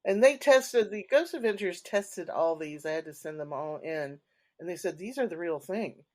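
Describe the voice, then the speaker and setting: A woman guest on a podcast, a paranormal investigator talking in a chatty, animated way and laughing between points. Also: fairly low pitch, normal speed. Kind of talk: casual conversational storytelling.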